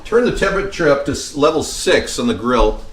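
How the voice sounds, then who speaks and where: Man, casual cooking demo, chatty, deadpan jokes, average pitch, pots and pans clattering behind. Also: fairly quick, very noisy. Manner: chatty, with deadpan joking asides. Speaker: home cooking vlogger. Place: home kitchen at the stove.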